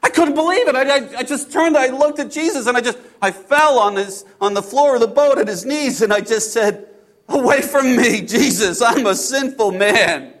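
A man playing Peter, a hot-tempered fisherman, telling his story in the first person with halting, repeated words, hushed one moment and loud and exasperated the next. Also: very high-pitched. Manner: swings between hushed awe and loud exasperation. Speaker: actor in a first-person biblical monologue.

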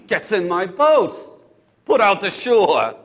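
A man playing Peter, a hot-tempered fisherman, telling his story in the first person with halting, repeated words, hushed one moment and loud and exasperated the next. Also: sits high, big pitch swings, heavily acted. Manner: swings between hushed awe and loud exasperation. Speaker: actor in a first-person biblical monologue.

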